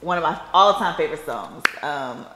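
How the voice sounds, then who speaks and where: A woman's voice: low-pitched, animated, roomy sound, background noise. A woman hosting a casual chat with a friend, playful and laughing. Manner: playful, laughing, quick back-and-forth. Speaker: host.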